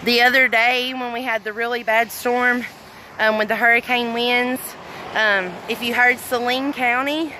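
A middle-aged Southern woman from Arkansas talks in an unhurried, drawn-out way, her voice sitting a touch high. She chats warmly to her viewers from outdoors, slightly out of breath, with a phone mic at arm's length and faint wind and traffic behind her. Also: steady tone, rough recording. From Arkansas, USA. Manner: chatty, affectionate, reads comments aloud, frequent laughs. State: a little out of breath. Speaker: livestream host. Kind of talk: casual livestream chat. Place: outdoors at a fireworks tent after a storm. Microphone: phone held at arm's length.

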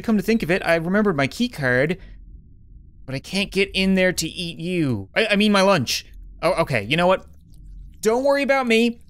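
A woman gamer giving playful, jokey commentary over a video game, with sudden squeals and giggles and muttering through puzzles half to herself. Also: lowish voice. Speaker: let's play gamer.

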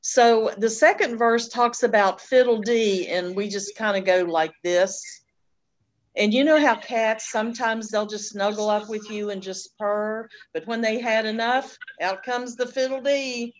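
Slow-talking woman leading kids' song time. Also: a little high, steady tone. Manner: cheerful explaining, sings simple tunes. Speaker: librarian leading a children's song. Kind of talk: children's program chat and singing. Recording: dull lo-fi audio.

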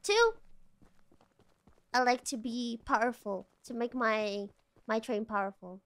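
A woman streaming a game, with excitable, playful commentary, humming and repeating words in sing-song. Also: on the high side, slow. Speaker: VTuber streamer. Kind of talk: casual gameplay commentary.

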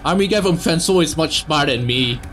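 A young man giving sarcastic let's play commentary on a horror game, swearing and yelling at jump scares. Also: fairly high pitch, lively intonation, a little fast, faint music behind. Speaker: gaming YouTuber.

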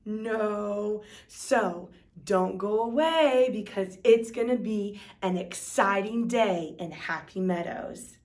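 A woman teaching a preschool Sunday school class, speaking slowly with exaggerated, sing-song emphasis for small children. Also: mid-range voice, darkish tone, recorded from a distance.

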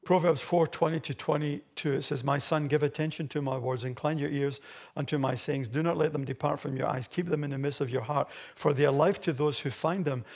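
Australian male pastor, gravelly husky voice, emphatic sermon delivery. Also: a little high, fairly even intonation, a little fast. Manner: emphatic preaching, rising loud on key phrases. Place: church hall.

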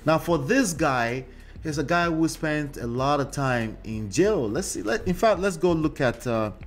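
A man's voice: on the high side, lively intonation, a little slow, faint music behind. A man hosting a relationship commentary show in a casual monologue, talking conversationally with frequent "right?" tags and fillers.

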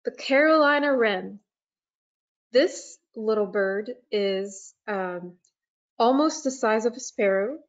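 Slow, hesitant woman presenting a webinar. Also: a little high, lo-fi sound. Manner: slow, hesitant, many fillers. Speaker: nature preserve staff presenter.

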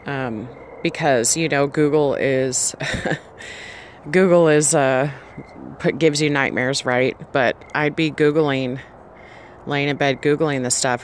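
Slow-talking earnest woman telling her story. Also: rumbling low, slight background noise. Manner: earnest, rambling with restarts. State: pregnant. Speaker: vlogger. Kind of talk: personal faith testimony.

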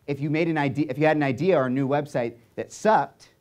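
A young man speaking to an audience, telling a story in an animated way and checking in often with "right?" and "okay?". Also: on the high side, fast.

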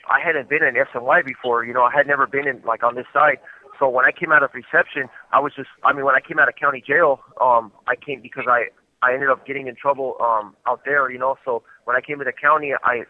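A man's voice: medium pitch, fairly even intonation, fast talker. A man calling from prison, telling a long story in a loose, rambling way full of fillers and laughs. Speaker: caller from prison. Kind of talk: casual storytelling on a call. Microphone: prison phone handset. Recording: tinny prison phone line.

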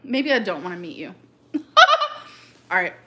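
A woman's voice: fairly low pitch, very animated, moderate pace, fairly bright tone. A woman hosting a casual live chat with viewers, rambling and chatty with many fillers and little laughs. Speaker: live stream host.

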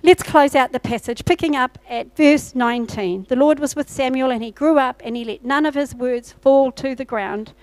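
In church, a high-voiced woman pastor delivers a sermon at normal speed with few pauses, sounding a little mellow; there's no room sound and the recording is rough. Her personal testimony is told as a story, complete with acted-out lines from her past.

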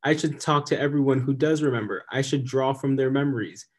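A young man reading the part of a shy schoolgirl, a little brighter and louder than his narration. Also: mid-range voice, fairly quick, pitched above the performer's own voice, lightly acted. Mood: worried.

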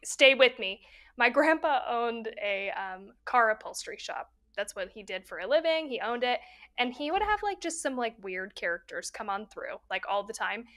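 A woman's voice: a little high, normal speed. A young adult woman co-hosting a casual podcast, telling stories animatedly with frequent laughs and lots of "like". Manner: animated storyteller, laughs often, says "like" a lot. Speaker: podcast co-host. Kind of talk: casual chat.

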